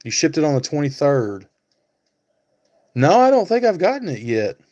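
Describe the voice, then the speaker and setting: A man's voice: a little high, sing-song, moderate pace, darkish tone. A man hosting a casual live stream, talking to viewers by name and thinking aloud with many fillers. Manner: talks back to chat viewers by name.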